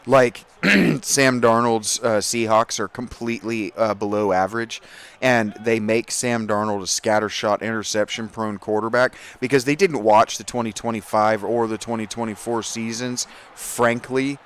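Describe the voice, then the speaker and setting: A man giving casual, profane commentary over a football video game, swinging from low muttering to loud excited outbursts. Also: moderate pace, clean tone. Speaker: gaming streamer.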